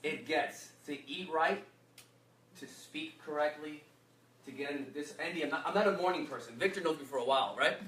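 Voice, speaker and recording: A workshop speaker with a bright, slightly high voice energetically coaches a live audience in a motivational talk, quizzing them with fill-in questions and pausing so they can finish his sentences. He's recorded from a distance in an echoey workshop room, so his voice carries a roomy echo over faint background noise.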